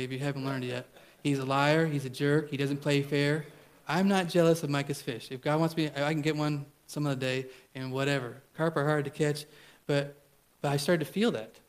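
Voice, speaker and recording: A man's voice: fairly high pitch, fairly even intonation, brisk. A middle-aged man preaching a sermon as pastor, blunt and conversational, telling stories with emphatic repetition.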